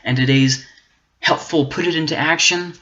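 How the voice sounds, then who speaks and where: A man giving an earnest, faith-based motivational talk, encouraging and halting, often restarting and repeating words. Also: fairly high pitch, pushed and bright. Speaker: self-help channel host. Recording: dull, muffled lo-fi audio.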